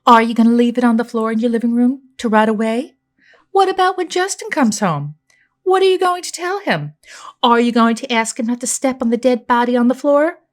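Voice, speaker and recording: A woman's voice: fairly high pitch, a little fast, pitched above the performer's own voice, lightly acted. A woman playing a blunt, bossy girlfriend. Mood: pushy, incredulous. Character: brash pushy adult woman friend.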